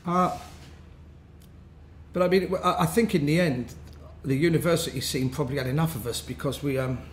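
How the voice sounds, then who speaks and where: A man's voice: fairly high pitch, moderate pace. A man telling rambling, laughing stories with many restarts. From London. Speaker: musician, interview guest. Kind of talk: casual anecdotal storytelling. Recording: roomy with faint background noise.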